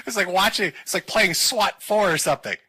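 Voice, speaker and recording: A man streams to his chat in a mocking, sarcastic tone, laughing as he goes. His voice is bright and fairly high for a man, with a lively, swinging pitch. The sound is dry and close. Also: breathy edge, dry recording. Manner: sarcastic, laughing, mock-apologetic. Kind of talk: mocking livestream commentary.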